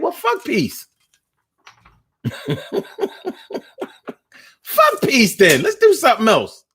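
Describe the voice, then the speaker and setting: A man's voice: a little high, sharp tone. A man hosting a casual livestream, reading chat aloud and joking in a slangy, profane way.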